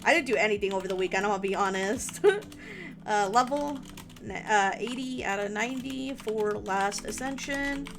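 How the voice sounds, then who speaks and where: A young woman streamer giving casual game advice, thinking aloud with lots of fillers. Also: medium pitch. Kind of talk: casual game guide commentary on a live stream. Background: background music and keyboard typing.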